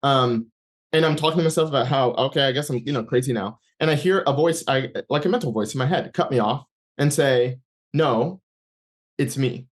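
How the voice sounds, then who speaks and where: A man's voice: medium pitch, quick pace. Man telling his faith story. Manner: rambling storytelling with restarts, acting out his own thoughts. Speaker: interview guest. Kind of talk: personal faith testimony.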